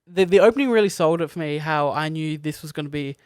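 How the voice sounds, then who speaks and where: A man's voice: fairly high pitch, fast, smooth, no echo, clean studio sound. A man co-hosting a podcast, talking about a film in casual chat, enthusiastic and rambling with many fillers. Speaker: podcast co-host.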